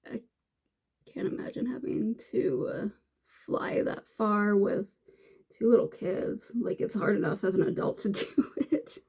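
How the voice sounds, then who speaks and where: A woman chats in a relaxed, rambling way as she does her makeup, stopping to restart her thoughts. Her voice is mellow and a little gravelly, with fry at the ends of phrases. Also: medium pitch, a little slow. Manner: rambling, chatty, many fillers and restarts. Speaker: beauty vlogger. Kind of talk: casual chat while doing makeup.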